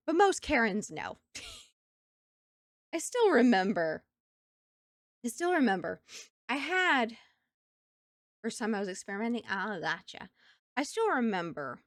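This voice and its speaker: Chatty streamer woman with a lively voice. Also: mid-range voice, no echo, studio quality. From United States. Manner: chatty and animated, laughs often between thoughts. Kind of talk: casual stream chat.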